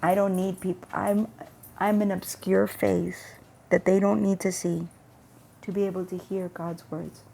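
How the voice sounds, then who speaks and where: A woman's voice: medium pitch, level tone, unhurried, vocal fry, dark tone, slight background noise. A woman vlogger telling a rambling everyday story about her faith, acting out both sides of a conversation and often repeating words.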